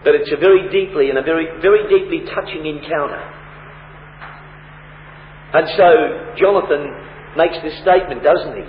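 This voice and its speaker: A man's voice: on the high side, normal speed, pauses often, slight background noise. A man preaching a sermon, emphatic, with rhetorical questions and a rising and falling delivery. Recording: echoey hall, tinny phone-like sound.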